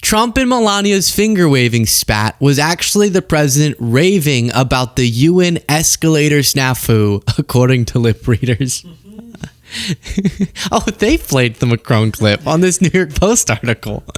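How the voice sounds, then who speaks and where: A man's voice: fairly high pitch, expressive, unhurried, dry recording, clean studio sound. A man hosting a political commentary show, talking casually and sarcastically with frequent laughter.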